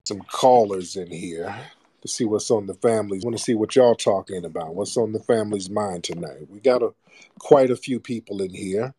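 A male call-in show host with a lowish, dark and mellow voice. He delivers a blunt, profane, preachy monologue in a loose conversational way. The sound is dry and close. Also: moderate pace, slightly rough, no room sound.

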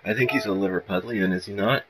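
A man's voice: lowish voice, quick pace, a bit bright, poor audio. A man hosting a gaming video, rambling casually and self-mockingly with plenty of swearing. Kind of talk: casual gameplay commentary.

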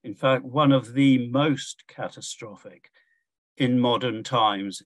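An older man giving a measured academic lecture from slides, pausing often with fillers and restarts. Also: on the low side, steady tone, no room sound.

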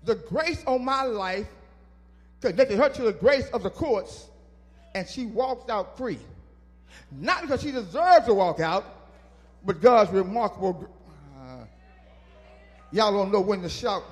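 A male pastor with a strikingly high voice, preaching and prodding his congregation to answer back. His words ring through a reverberant church hall while soft instrumental music sits underneath. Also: expressive, a little slow. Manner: call-and-response preaching, teasing the congregation. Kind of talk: sermon. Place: church sanctuary.

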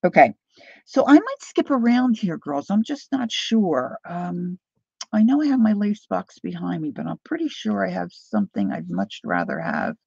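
Chatty gravelly-voiced woman crafting live. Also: fairly low pitch, wildly swooping pitch, moderate pace, dark tone, no echo, dull audio. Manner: chatty, talks to viewers while working. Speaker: crafting livestream host.

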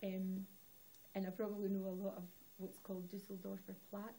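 A woman's voice: mid-range voice, monotone, fairly quick, mellow, low-quality recording. A woman from the west of Scotland with a Scottish accent, telling stories in a casual interview, rambling with lots of "you know". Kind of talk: casual oral-history interview.

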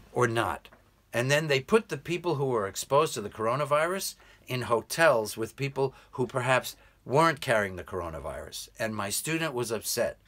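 Bright-voiced man in urgent commentary. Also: mid-range voice. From United States. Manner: earnest, urgent, emphatic with slow deliberate stresses. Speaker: English tutor. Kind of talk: political commentary monologue.

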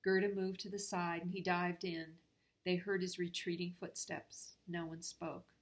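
A woman reading a children's storybook aloud in a calm, measured way. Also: lowish voice.

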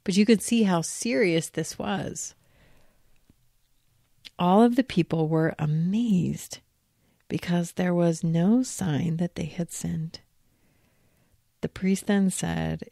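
A woman hosting a podcast reads an ancient religious text slowly, with long pauses, reflecting on it and raising her voice for quotations. Her fairly low voice is creaky and warm, recorded in studio quality with no room sound.

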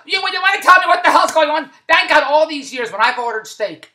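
High-voiced woman ranting, fed up, keeps restarting, echoey room. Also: animated, fairly quick, hardly any pauses, bright, forceful tone. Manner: exasperated, repeats questions, stammering restarts. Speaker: comedic monologuist. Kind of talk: comedic rant.

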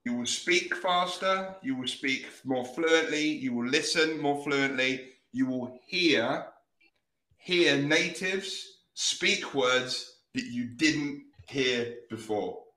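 A man teaching English pronunciation on a video call, modelling words slowly and carefully. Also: mid-range voice, sharp tone, roomy sound. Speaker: English tutor. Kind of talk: online pronunciation lesson.

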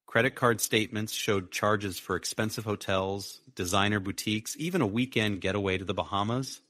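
A man narrating a first-person story in a plain, steady way. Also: on the low side, brisk, dry recording, studio quality.

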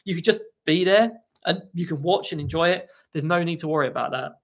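A man's voice: fairly high pitch, fairly quick. A man hosting a casual livestream, answering viewers' questions in a chatty way with frequent restarts. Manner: chatty, restarts often, talks to his birds between answers. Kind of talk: casual live chat. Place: home room with parrots.

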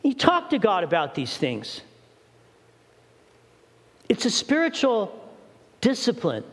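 Male pastor, high tenor, emphatic sermon delivery, echoing sanctuary. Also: huge pitch swings, slow pace, a bit bright. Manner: preaching with acted prayers and rising emphasis. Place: church sanctuary.

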